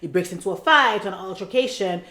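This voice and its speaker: Woman from Nigeria, podcast co-host, lively storyteller, mid pitch, echoey room. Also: quick pace. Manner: animated storyteller, acts out quotes. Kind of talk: casual chat.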